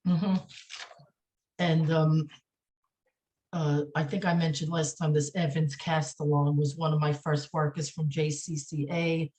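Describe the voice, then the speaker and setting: A woman with a low voice talks as a podcast guest and sounds indignant. She keeps stopping to restart her sentences and leans on repeated words for emphasis. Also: level tone, warm tone. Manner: halting, many fillers and restarts. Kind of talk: emotional podcast interview.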